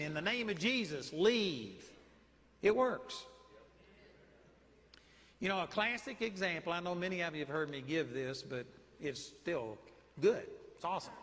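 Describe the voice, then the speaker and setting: Texan preacher, higher-pitched man, animated storytelling in a reverberant hall. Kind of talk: sermon.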